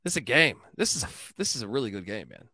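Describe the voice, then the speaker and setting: A man's voice: mid-range voice, very animated, very fast, bright, forceful tone, dry recording, clean studio sound. A man hosting a casual sports betting show, loose and joking, swearing and laughing as he gives his picks. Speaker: sports betting podcast host.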